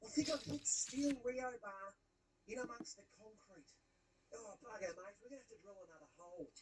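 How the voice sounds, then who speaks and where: A woman working as a leak-detection tradesperson, chatting excitably through an on-the-job video and calling her viewers mate. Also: a little high, moderate pace, far from the mic, background noise. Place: indoors under a shopping centre building.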